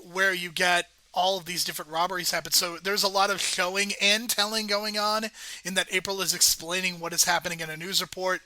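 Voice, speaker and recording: A man co-hosting a movie review podcast, talking in a measured, analytical way as he scores films. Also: high voice, bright, forceful tone, no room sound, poor audio. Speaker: podcast co-host. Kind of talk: casual movie review chat.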